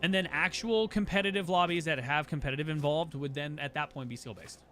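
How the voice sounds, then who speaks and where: A man chatting on a game livestream with a high, bright voice. He rambles and restarts often as he gives his opinions, and his voice sounds tired from talking all day. Faint game music plays underneath. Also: a little fast. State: voice tiring from a long day of talking. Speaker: streamer. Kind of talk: casual livestream chat while gaming.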